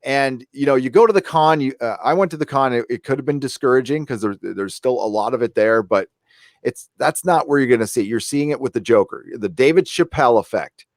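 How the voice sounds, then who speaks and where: Man, livestream host, mid-pitched voice, dead dry room, blunt and fired-up, home desk mic. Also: fairly quick, no room sound. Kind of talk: casual live-stream chat.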